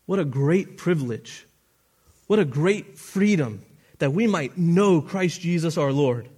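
A man's voice: a little high, lively intonation, unhurried, dark tone, husky. A man preaching a sermon as pastor, earnest and often restarting his phrases, with the odd chuckle at his own asides.

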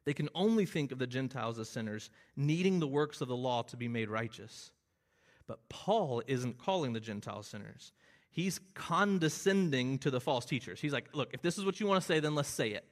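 A man's voice: mid-range voice, animated, brisk. A man preaching an expository sermon, earnest and explanatory, rising to emphatic bursts on key phrases. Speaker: pastor.

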